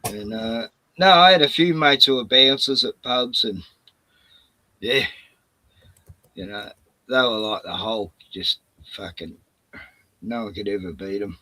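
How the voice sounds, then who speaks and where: A man's voice: fairly low pitch, measured pace, long pauses, bright, forceful tone, rough recording. An older man, hosting a casual stream chat, swearing freely and laughing through his anecdotes.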